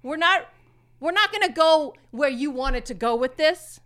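A woman's voice: sits high, animated, moderate pace, a bit bright. A woman doing a comic impression of a brash male poker-show host who rambles in circles, curses, coughs and plugs himself. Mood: rambling. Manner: repetitive, circling, never getting to the point; crude, self-promoting, coughing and clearing throat.

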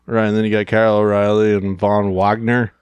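A man with a low voice co-hosts a casual wrestling podcast. He runs through match results, swearing freely and laughing often. The sound is dry and close. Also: flat delivery, a little fast, clear, resonant tone, no echo. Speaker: podcast co-host.

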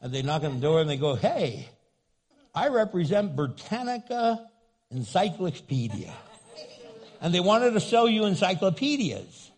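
A man's voice: high-pitched, measured pace. An older man preaching a humorous sermon, often acting out voices. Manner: animated, humorous, acts out voices in quotes. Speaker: pastor.

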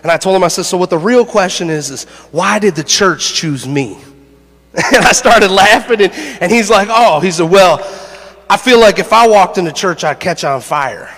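A man preaching a sermon, an animated storyteller who laughs through his stories and builds to shouted preaching. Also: high voice, normal speed, big-room sound. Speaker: pastor. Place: church sanctuary.

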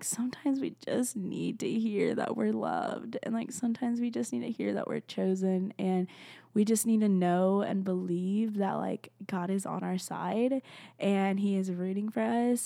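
A young woman talks through a casual Christian encouragement podcast, gentle and rambling, filler words everywhere. Her voice is mellow and dark with lots of vocal fry, recorded dry and close. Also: medium pitch, no echo. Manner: gentle, rambling, heavy use of "like". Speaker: podcast host.

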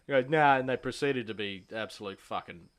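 A young Australian man hosting a podcast tells a rowdy pub story in casual chat, his fairly low voice brisk. He swears heavily and acts out the lines he quotes.

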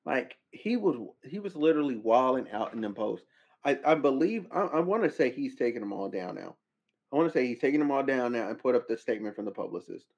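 Male podcast host, slangy and incredulous, mid-pitch voice, slightly dull lo-fi audio. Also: quick pace, gravelly, husky. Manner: animated, incredulous outbursts, slangy. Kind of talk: casual commentary.

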